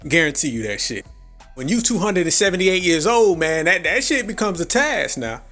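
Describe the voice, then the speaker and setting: A man's voice: sits high, big pitch swings, moderate pace, bright, forceful tone, soft background music. Brash, profane male commentary host. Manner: brash, heavily profane, laughs at his own jokes.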